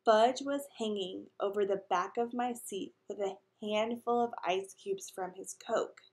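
A woman reading a children's novel aloud, lively, with asides to her listeners. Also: medium pitch, measured pace. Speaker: reader.

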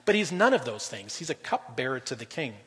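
A middle-aged man preaching a sermon as guest pastor, conversational, swinging between loud emphasis and quiet drops. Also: mid-range voice, sing-song, fairly quick, breathy edge. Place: church auditorium. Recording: long reverb in a large hall.

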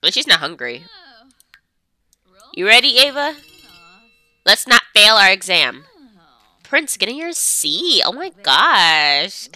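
A woman's voice: medium pitch, bright, forceful tone. A young woman chatting casually as she plays a life-sim game, talking to her characters. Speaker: gameplay streamer. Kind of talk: casual gameplay commentary.

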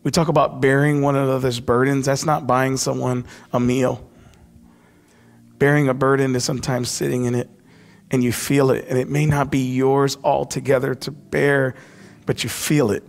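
A man preaching a sermon as pastor, impassioned, dropping to a hush when he quotes. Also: medium pitch, level tone, moderate pace, gravelly. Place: church sanctuary.

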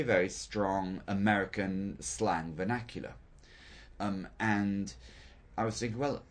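An older man, a theatre director, recalling his work in an interview, thoughtful and hesitant with frequent pauses and restarts. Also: on the low side. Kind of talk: reflective interview recollection.

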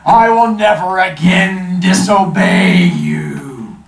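A man voicing a grumpy, haughty giant male genie who speaks slowly and in archaic words, heard from a distant mic in a roomy space. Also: big pitch swings, creaky, a crowd in the background, heavily acted. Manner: booming, slow and stately, archaic speech.

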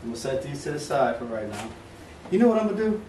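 A man's voice: mid-range voice, sing-song, fast talker, recorded from a distance. A middle-aged man walks viewers through a home recipe in a loose, joking way, full of slang and asides. His mid-range voice sits back from the mic, with the room echoing around it and a faint hum of background noise. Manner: playful, joking, talks straight to viewers in Southern US slang. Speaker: home cooking video host. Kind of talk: casual cooking demonstration. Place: home kitchen.

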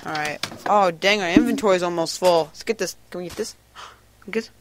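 This male gamer's voice is high-pitched and he talks fast, giggling, rambling hyperactively and throwing in random noises as he plays. It's casual let's-play commentary captured in a noisy home recording.

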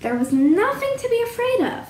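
Woman voicing a kind, cheerful storybook bear, bright and high, echoey room. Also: very animated, brisk, recorded from a distance. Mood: reassuring. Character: gentle cheerful young male bear. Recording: roomy with faint hum.

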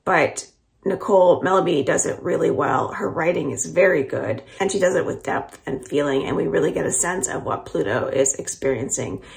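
A woman from a library series reading the first chapter of a children's novel aloud, calm and expressive. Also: deep voice, normal speed, creaky. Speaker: library book reader.

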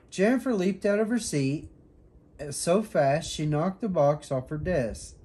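Man reading a bedtime storybook aloud, lively pitch, mellow tone. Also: unhurried, husky. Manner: expressive, animated reading.

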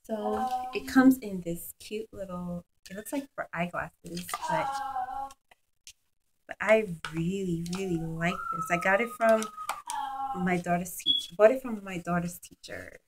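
A woman's voice: fairly low pitch, a little slow, heavy background noise. A woman chatting at home about her favorite beauty products, gushing and using lots of fillers. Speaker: beauty vlogger. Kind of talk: casual product review. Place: at home, children nearby.

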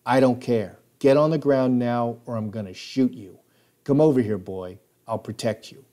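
A man voicing a stern police supervisor barking forceful orders. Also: mid-range voice, normal speed, lightly acted. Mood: commanding.

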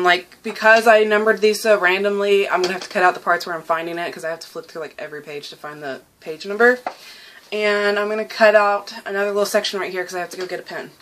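A young woman vlogging casually about her journal, chatty and excitable, laughing often and full of fillers. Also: mid-range voice, a little hiss or hum.

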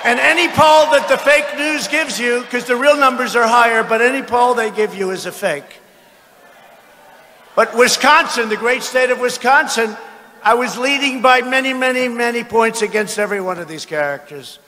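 A man in his seventies giving a political rally speech in an arena, boastful and mocking, often breaking into shouts. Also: very high voice, normal speed. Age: 70s. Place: large arena with crowd. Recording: arena with long reverb.

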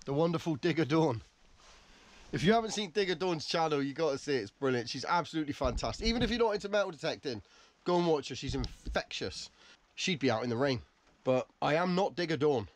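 A man's voice: a little high, lively intonation, fast. A man vlogging casually, chatty and self-mocking, from in and around a camper van. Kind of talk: casual vlog talk to camera.

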